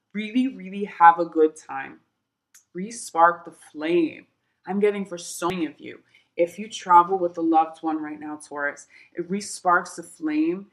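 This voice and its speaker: A woman giving a tarot reading, chatty and reassuring, talking straight to her viewers with emphatic repeats. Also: on the low side. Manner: animated, with laughs and emphatic repeats. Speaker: tarot reader.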